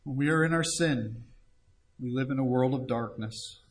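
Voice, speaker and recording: A man's voice: medium pitch, normal speed. A man preaching an evangelistic sermon, earnestly pleading and reading scripture aloud. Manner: earnest pleading, reads scripture aloud in old-fashioned wording.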